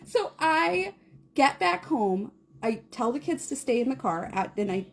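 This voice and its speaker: A woman in her thirties, a podcast co-host, telling a chaotic morning story in a casual, animated way, often laughing and acting out quotes. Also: measured pace, vocal fry, a little hiss or hum. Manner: animated, laughing, acts out quotes in a high squeal.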